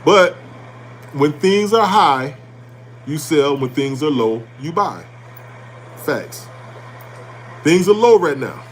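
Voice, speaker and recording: A man hosting an animated motivational talk on finance, blunt and preachy, repeating his points and swearing casually. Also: on the high side, slow pace, long pauses, a little hiss or hum. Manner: preachy and emphatic, repeating lines for effect. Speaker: host.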